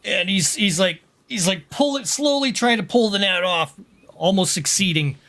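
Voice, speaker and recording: A man serving as game master, narrating a tabletop sci-fi game loosely and with some halting, adding short acted cries for enemies. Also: high voice, animated, pushed and bright.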